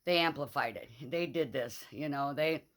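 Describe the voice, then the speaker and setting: A woman's voice: sits low, normal speed, no echo. Grieving, angry middle-aged woman vlogging. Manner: blunt, rambling, swears freely. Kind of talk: casual vlog monologue.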